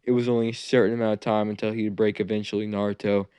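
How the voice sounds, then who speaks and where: A man's voice: on the low side, level tone, quick pace, mellow, clean tone, no room sound, lightly acted. A man voicing a scheming, treacherous male ninja teacher who taunts and gloats, in a fan-made anime story. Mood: taunting.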